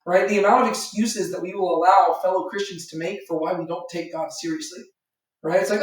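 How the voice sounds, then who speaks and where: A man's voice: high-pitched, fast talker. A man teaching a Bible study in a loose, rambling way, full of fillers, who acts out imagined voices. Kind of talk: informal Bible teaching to a small group. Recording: echoey room, far from the mic.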